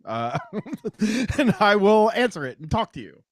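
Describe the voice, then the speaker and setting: A man's voice: high-pitched, sing-song, measured pace, no echo, clean studio sound. A man with a Midwestern American accent hosting a call-in radio show, chatting casually and rambling, swearing and laughing as he talks. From Columbus, Ohio, US Midwest.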